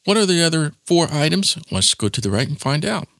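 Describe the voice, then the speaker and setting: A man's voice: fairly high pitch, very animated, fairly quick, gravelly, a bit bright, no room sound, clean studio sound. A man giving a casual spoken tutorial in a chatty, informal way, with plenty of asides. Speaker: tech tutorial presenter.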